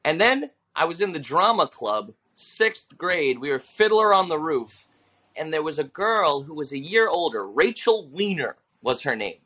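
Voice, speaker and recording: Bright, animated comedian man. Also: a little high, measured pace. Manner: animated storyteller who slips into character voices for quotes. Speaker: stand-up comedian guest. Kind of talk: casual interview storytelling.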